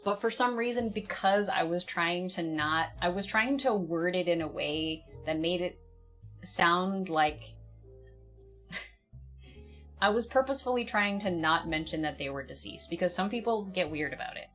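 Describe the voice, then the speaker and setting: A woman's voice: fairly low pitch, a little slow, a bit bright. Woman chatting casually, keeps cracking up at herself, rambly, faint music underneath. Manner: laughs often at herself, rambling. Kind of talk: casual storytelling chat.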